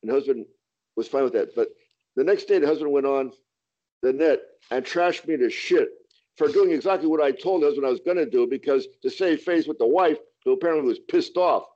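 A man's voice: fairly high pitch, a little fast, dark tone, muffled recording. A man, a stand-up comedian, telling a profane story in casual podcast talk, acting out the quotes.

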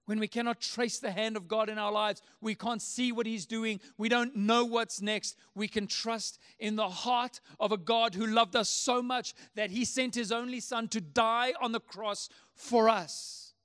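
A man's voice: high voice, fairly even intonation, measured pace, hardly any pauses, fairly bright tone, smooth. A man preaching a sermon as a pastor, earnest and emphatic, often repeating his key phrases.

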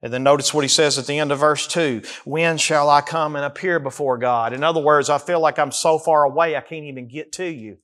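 A man preaching a sermon as a pastor, rising to near-shouts and dropping low as he voices the psalmist's cries. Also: fairly even intonation, brisk, hardly any pauses. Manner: acts out the psalmist's cries in first person.

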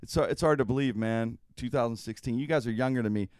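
A man's voice: mid-range voice, quick pace, clear, resonant tone, dry recording, studio quality. A man hosting a radio talk show, telling a story with lots of laughter and drawling "man". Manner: animated, laughing through his stories, drawls "man". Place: radio studio.

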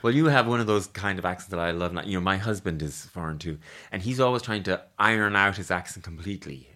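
A male host chatting with a guest in an interview, talking emphatically with animated asides. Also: deep voice, quick pace. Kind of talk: casual interview chat.

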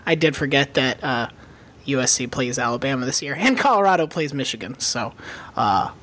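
A man co-hosting a podcast in casual chat, animated and putting on voices for mock quotes. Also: medium pitch, moderate pace. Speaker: podcast co-host.

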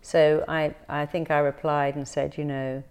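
Woman therapist, low warm voice, lively storyteller doing little voices for people. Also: a little slow, smooth. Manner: animated storytelling, acts out quoted voices. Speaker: therapist guest. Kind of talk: casual interview chat.

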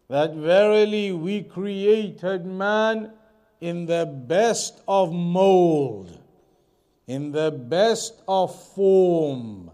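Man, religious teacher, high-pitched, measured lesson delivery with emphatic repetition. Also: animated, a little mellow. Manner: measured, repeats phrases for emphasis. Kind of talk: explaining scripture verse by verse.

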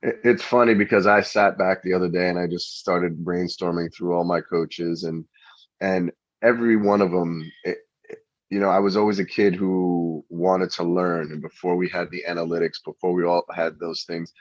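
A middle-aged man, a pitching coach, chatting in an interview and telling anecdotes with frequent restarts. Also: fairly even intonation, moderate pace, dry recording. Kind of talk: interview storytelling. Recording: dull lo-fi recording.

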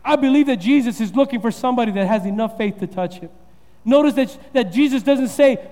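A man pastor delivers a sermon in a high, ringing voice. He drives points home by repeating phrases and building emphasis. The sound carries the long reverb of a church hall. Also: fairly quick, darkish tone. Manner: preaching with rising emphasis and repetition.

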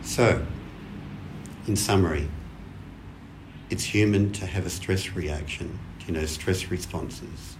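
A man giving a relaxed Zen dharma talk, thinking aloud in lists and often checking in with the listeners. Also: low voice, takes it slowly, pauses often, background noise. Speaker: Zen teacher.

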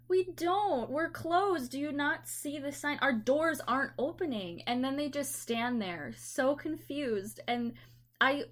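Young woman, fairly high voice, casual chat, animated storyteller. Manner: animated storyteller, acts out customers in quotes.

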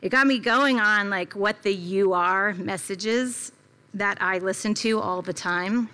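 A woman's voice: medium pitch, unhurried, bright, forceful tone, clear, resonant tone. A woman preaching a conversational sermon, telling a personal story in a reflective way with casual fillers. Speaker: preacher at a church gathering.

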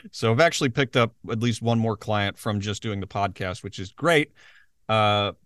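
A man co-hosts a podcast, chatting casually, cracking jokes and poking fun at himself. His voice is on the low side and fairly bright, at a moderate pace, recorded clean in a studio with no room sound.

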